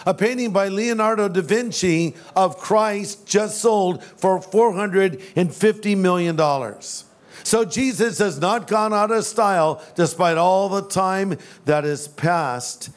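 A male pastor with a high speaking voice for a man delivers a sermon. His tone is loose and conversational, with jokes and playful asides. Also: slow. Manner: jokey, conversational, does voices.

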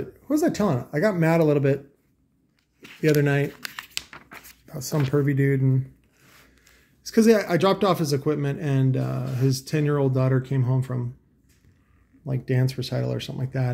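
A host with a creaky, warm, medium-pitched voice talks at a normal speed through a casual commentary. He's sarcastic and profane, rambling along with frequent asides.

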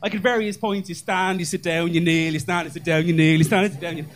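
A man from Ireland performs stand-up comedy in a very high voice for a man. He tells stories conversationally, with lots of swearing and self-deprecating jokes, speaking into a handheld mic on a club stage. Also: fairly even intonation, fast.

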